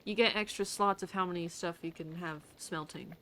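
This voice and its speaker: A woman's voice: lowish voice, steady tone, normal speed, pushed and bright, slight background noise. A woman streaming a game, chatting casually to herself, laughing often and swearing casually. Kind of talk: casual gameplay commentary.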